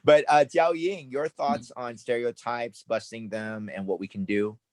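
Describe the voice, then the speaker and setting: A male interview host, enthusiastic and affirming, who keeps praising his guests. His voice sits at a middle pitch. The sound is dry and close. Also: steady tone, measured pace, a little mellow, no echo. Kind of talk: hosting an interview.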